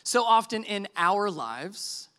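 A man in his thirties telling a family story as a sermon illustration, animated and self-deprecating, acting out what everyone said. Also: sits high, slow.

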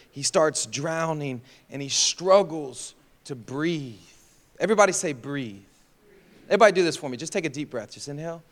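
High-voiced animated male preacher, reverberant hall. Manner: animated storyteller, acts out scenes with shouts and gasps. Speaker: pastor. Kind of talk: sermon with storytelling.

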